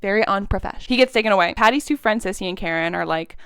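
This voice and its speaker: A woman's voice: mid-range voice, fast talker, fairly bright tone, clean tone, no echo, clean studio sound. A woman doing a casual movie recap to camera. She gushes, swears freely and laughs often. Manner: gushing, profane, laughs often. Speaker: film reviewer.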